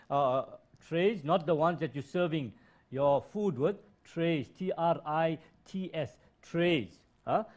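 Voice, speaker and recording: Male biology teacher, slightly high voice, deliberate and repetitive, checks understanding with rhetorical asides. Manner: explains slowly, repeats key terms, asks rhetorical questions. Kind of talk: live-streamed classroom lesson.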